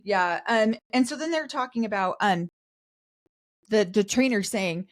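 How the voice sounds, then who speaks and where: A middle-aged woman co-hosting a podcast, chatting casually about a show and acting out the cast's lines in quick asides. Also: medium pitch, expressive, dry recording, clean studio sound. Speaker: podcast co-host. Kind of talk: casual recap chat.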